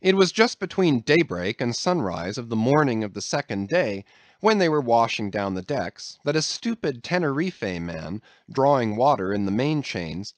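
A man's voice: medium pitch, big pitch swings, normal speed, no room sound. A man narrating an audiobook with a dramatic storytelling delivery. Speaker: audiobook reader. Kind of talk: scripted narration.

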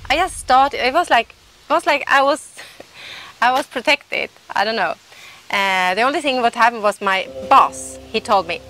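A woman telling her personal faith story in an emotional, halting way, often restarting her sentences. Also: medium pitch, fairly bright tone, faint music behind. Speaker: testimony speaker.

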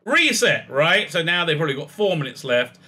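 A man hosting his own channel and tearing into a TV episode, sarcastic and mocking. His talk rambles with lots of uh's and restarts. His voice is slightly high and very bright, with a sharp edge. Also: fairly quick. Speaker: TV reviewer, channel host. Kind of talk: casual episode recap and review.

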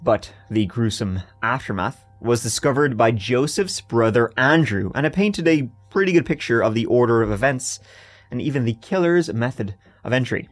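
A young man narrates a true-crime story on a podcast with a very lively voice that climbs and dips as he goes. He keeps it casual and jokey, riffing on his own story as he tells it. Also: medium pitch, moderate pace, faint music behind.

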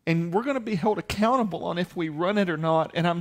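Male pastor, high-pitched, storytelling sermon that rises to forceful preaching. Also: fast, few pauses. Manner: storytelling, building to loud emphatic preaching.

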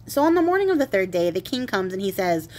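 A woman's voice: mid-range voice, sing-song, fast talker, darkish tone. Chatty woman retelling a fairy tale. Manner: wry, chatty, laughs and swears. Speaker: craft video host.

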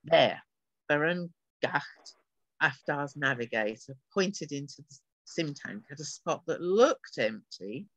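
An author reads a passage of her own science fiction aloud, shifting her voice a little for each character. The sound is bright and forward. The recording is dry and close, with no room echo. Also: mid-range voice, lively intonation, slow pace, muffled recording. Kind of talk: reading a novel extract aloud.

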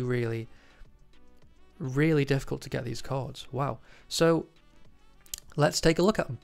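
A man with a cold speaks in a nasal, medium-pitched voice with vocal fry, unhurried and a little mellow, leaving long pauses. He hosts a casual trading card news video, chatting to camera with plenty of ums and uhs while faint music plays behind him.

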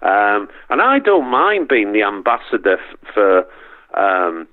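Middle-aged man with a Manchester accent, low-pitched and halting, heard over a tinny phone line. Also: very animated. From Northern England. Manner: halting, many restarts and repeats. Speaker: guest, performer. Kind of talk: casual interview chat.

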